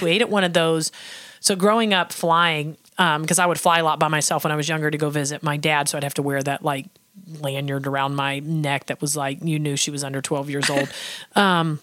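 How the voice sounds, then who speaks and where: A woman's voice: deep voice, steady tone, fairly quick, a bit bright, dry recording, studio quality. A woman in her thirties co-hosting a faith podcast, chatting casually and laughing often as she tells stories. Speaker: podcast co-host. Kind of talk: casual chat.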